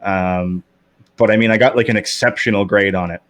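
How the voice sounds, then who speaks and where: A man's voice: lowish voice, fairly even intonation, a little fast, a bit bright, no echo. A man in his thirties with a slight lisp, chatting candidly as a podcast guest, with many fillers and restarts. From Canada. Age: 30s. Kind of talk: casual chat.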